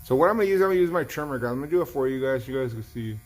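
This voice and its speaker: A man's voice: medium pitch, lively intonation, very fast. A man in his fifties, a barber hosting his own vlog, telling a shop story in a rambling, casual way and acting out his client's lines. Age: 50s.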